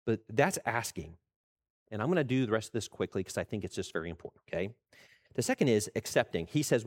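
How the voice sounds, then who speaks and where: A middle-aged man preaching a sermon, animated, acting out quoted voices and restarting his words. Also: lowish voice, normal speed. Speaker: pastor.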